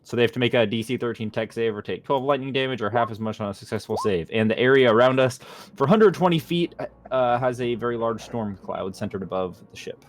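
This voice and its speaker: A man's voice: medium pitch, lively intonation, fairly quick. A man playing a tabletop role-playing game, easygoing and a little self-deprecating. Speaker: player. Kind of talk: casual tabletop game chat.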